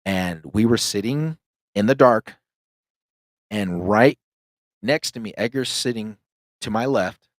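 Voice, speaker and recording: A man's voice: fairly low pitch, expressive, takes it slowly, pauses often, no echo. A man hosting a paranormal podcast, telling a ghost story in a loose, rambling way full of "like" and "um,". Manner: loose and rambling, heavy use of "like" and "um". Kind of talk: casual storytelling.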